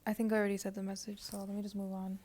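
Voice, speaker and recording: A young woman giving a casual tarot reading, chatty and rambling, full of likes and you-knows, sometimes dropping to a soft near-whisper. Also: mid-range voice, fairly even intonation, fast talker. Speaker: tarot reader.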